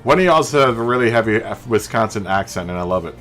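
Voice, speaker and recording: A man chatting with his live-stream viewers in a loose, rambling way, his pitch swinging widely. He laughs at his own jokes and talks through a studio mic, with faint music playing behind him. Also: expressive, quick pace, fairly bright tone. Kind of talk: casual chat with live chat viewers. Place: home streaming setup. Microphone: studio mic through a mixer.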